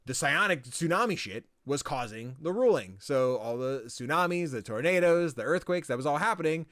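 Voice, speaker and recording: A man's voice: on the high side, lively intonation, moderate pace, a bit bright, no room sound, clean studio sound. Rambling, swearing man recapping a game. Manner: rambling, swears freely, lots of likes and ums. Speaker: podcast co-host. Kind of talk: casual game recap chat.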